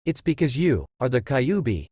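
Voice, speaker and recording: A man's voice: medium pitch, sing-song, normal speed, warm tone, husky, no echo, highs cut off. A man reading the lines of a scheming, taunting male ninja teacher in a fan story. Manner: taunting, threatening.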